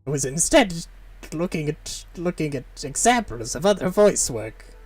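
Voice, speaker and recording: A man's voice: a little high, very animated, unhurried, husky, dry recording. A man chatting casually while streaming a game, rambling and self-amused, often trailing off. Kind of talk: casual live-stream chat.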